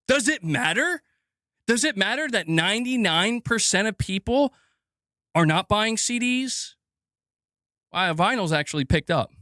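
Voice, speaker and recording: Male streamer, high voice, sarcastic and heated profane rant, dry close sound. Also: bright, forceful tone, no echo. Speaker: gaming news streamer. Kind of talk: livestream rant.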